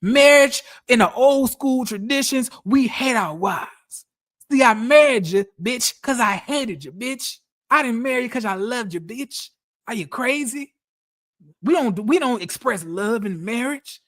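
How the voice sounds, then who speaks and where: A man's voice: very high-pitched, lively intonation, unhurried, a bit bright, voice pushed up, full character voice. A man voicing a crude, scornful husband who belittles his wife and curses at her. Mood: sneering. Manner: cursing, contemptuous, sneering.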